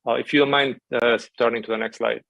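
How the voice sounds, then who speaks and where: Man giving a measured policy talk. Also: mid-range voice, fairly even intonation, gravelly, dry recording, lo-fi sound. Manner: measured, emphatic, frequent "right?" check-ins. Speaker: conference speaker from an international financial institution. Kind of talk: prepared conference talk.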